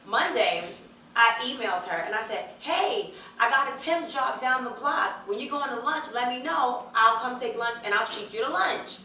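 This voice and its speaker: A young woman on a panel, telling an animated story in which she acts out other people's voices and laughs often. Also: on the high side, normal speed, slight background noise. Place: hotel event hall. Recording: echoey event room, mic picked up from a distance.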